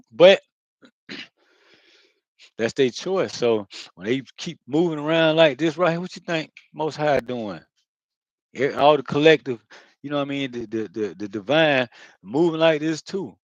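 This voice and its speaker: A man's voice: on the high side, lively intonation, unhurried, long pauses, dry recording, dull audio. A man talking in a loose, rambling monologue, swearing often and circling back with lots of filler phrases. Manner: repeats himself, circles back. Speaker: spiritual video host.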